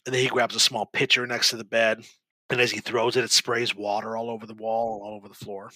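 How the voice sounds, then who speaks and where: A man as game master, narrating a tabletop game scene with vivid, steady description. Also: mid-range voice, fairly quick, no room sound, rough recording.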